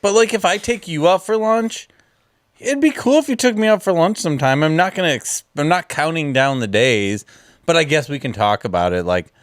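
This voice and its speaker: Chatty animated man on a podcast. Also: fairly high pitch, normal speed, no echo, clean studio sound. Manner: animated, chatty, lots of fillers. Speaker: podcast co-host. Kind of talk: casual chat.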